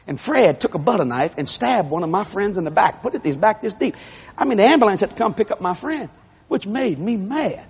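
A man preaching to a congregation, telling a childhood story with animated shouts and laughter. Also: a little high, husky. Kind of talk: humorous sermon storytelling.

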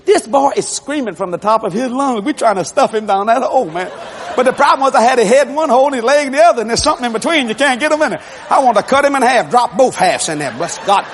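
A man preaching to a congregation, telling a childhood story with animated shouts and laughter. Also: very high-pitched, fast talker, a little hiss or hum. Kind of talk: humorous sermon storytelling.

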